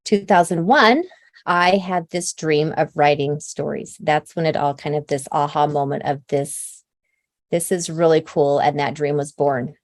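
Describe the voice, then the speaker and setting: A woman's voice: deep voice, unhurried. A woman from Idaho who founded the company, presenting casually and upbeat to her new team over a video call. She runs through long lists with lots of fillers and says openly that she tears up easily. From Idaho, USA.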